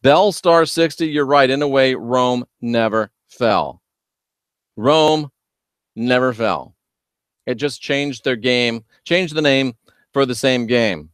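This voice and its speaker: A man hosting a livestream, talking loudly and emphatically while reading viewer chat. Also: medium pitch, takes it slowly, smooth, no echo, clean studio sound. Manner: loud, shouting, emphatic. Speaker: host.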